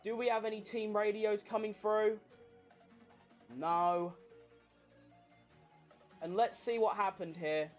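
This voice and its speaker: A woman commentating a race watchalong live, sweary and excitable. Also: mid-range voice, slow pace, long pauses, soft background music. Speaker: streamer hosting a race watchalong.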